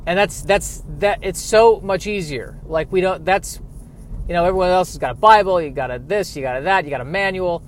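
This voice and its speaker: Halting, grieving man with a higher voice. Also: a little hiss or hum. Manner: halting, rambling, self-deprecating. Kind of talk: reflective personal monologue.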